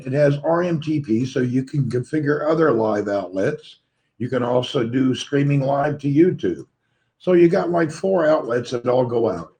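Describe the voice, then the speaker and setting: Livestream host, American man with a Southern accent, sleep-deprived and slightly crackly, greets his viewers in a relaxed, chatty way. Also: medium pitch. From Tennessee, USA. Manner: friendly, greets viewers one by one. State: tired, voice a little crackly from poor sleep. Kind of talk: casual livestream chat, reading out viewer comments.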